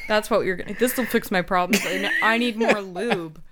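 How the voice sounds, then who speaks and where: A woman's voice: mid-range voice, moderate pace, heavy background noise. A woman co-hosting a podcast in casual chat, swearing freely and laughing often. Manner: laughs often, profane storytelling. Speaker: podcast co-host.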